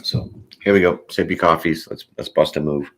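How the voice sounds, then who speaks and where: A man's voice: a bass voice, steady tone, moderate pace, a bit bright. A man doing a casual, chatty tarot reading, joking and laughing often as he goes through the cards. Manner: chatty, laughs often, jokes and acts out little bits. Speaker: tarot reader.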